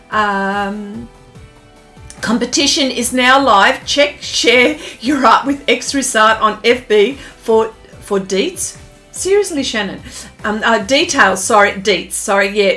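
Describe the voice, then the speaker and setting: A woman's voice: fairly high pitch, fairly bright tone. An Australian woman hosting an art live stream in bubbly, casual chat, full of fillers and giggly greetings.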